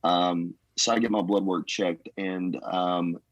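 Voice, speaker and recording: Deep husky-voiced pastor, folksy and earnest. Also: male voice, steady tone, takes it slowly, dry recording, dull audio. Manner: earnest, rambling, folksy testimony with 'man' fillers. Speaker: pastor, podcast guest. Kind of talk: casual conversational storytelling.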